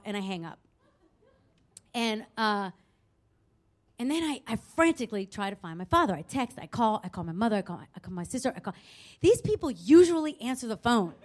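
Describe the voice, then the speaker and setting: A woman telling a true story at a live show, expressive and quick to swear and laugh at herself. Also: a little high. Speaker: storyteller on stage.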